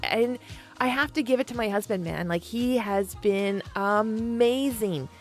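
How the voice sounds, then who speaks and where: A woman in her forties talks frankly in a playful, animated monologue, and her voice sits a bit high. She calls her listeners affectionate pet names. Faint music plays behind her. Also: unhurried. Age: 40s. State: perimenopausal. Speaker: podcast host. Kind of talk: casual monologue.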